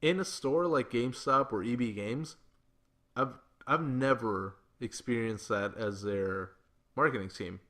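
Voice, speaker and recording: A man as a podcast guest, weighing a point in measured, analytical casual chat. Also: mid-range voice, fairly bright tone.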